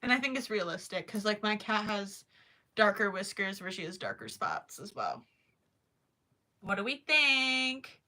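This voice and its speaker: Bright-voiced young woman crochet streamer. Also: on the high side. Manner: chatty, apologetic, giggly, thinks aloud. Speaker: crochet livestream host. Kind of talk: casual livestream chat and crochet demo.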